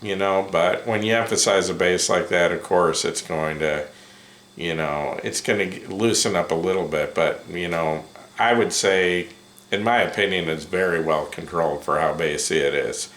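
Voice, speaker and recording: A man gives a casual first-impressions review of headphones, taking his time and filling it with ums and self-corrections. His voice is low-pitched with a fairly bright tone, and the room adds echo.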